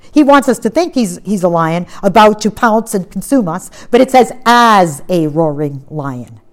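A woman preaching a sermon, reading scripture aloud and pressing points with strong stress that drops to quiet, steady lines. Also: medium pitch. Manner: emphatic, swings from loud stress to quiet.

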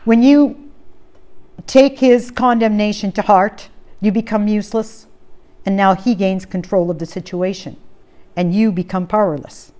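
A woman's voice: mid-range voice, fairly even intonation, dark tone. Woman preaching with emphatic repetition. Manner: emphatic, repeats phrases, rhetorical questions; slows down to read scripture aloud. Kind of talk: sermon.

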